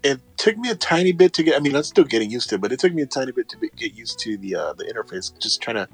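A man's voice: medium pitch, expressive, racing, slightly rough, soft background music. A man talking casually about gaming gear, rambling, repeating himself and restarting often. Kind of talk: casual chat.

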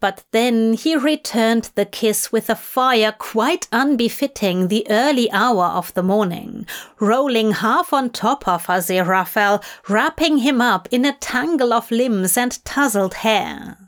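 A woman reads a fan fiction story aloud in a soft, measured way. Her voice sits on the higher side and moves at an unhurried, leisurely pace. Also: expressive. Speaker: reader. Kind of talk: fan fiction audiobook narration.

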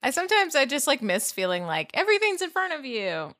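A woman's voice: high-pitched, wildly swooping pitch, quick pace, fairly bright tone. A woman co-hosting a casual podcast, giggly and reactive as she asks questions. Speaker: podcast co-host.

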